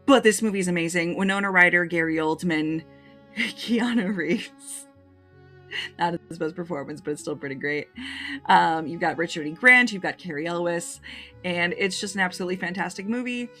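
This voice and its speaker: A woman with a lowish voice talks through her favorite films in a casual review, gushing and openly emotional. Faint music plays underneath. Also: moderate pace, sharp tone. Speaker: movie reviewer. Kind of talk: casual list review to camera.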